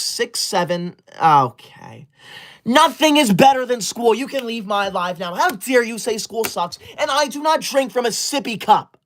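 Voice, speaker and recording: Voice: medium pitch, fairly bright tone. A livestream host reading super chats aloud in a comedic bit, scolding viewers in a fussy, easily offended, school-loving persona.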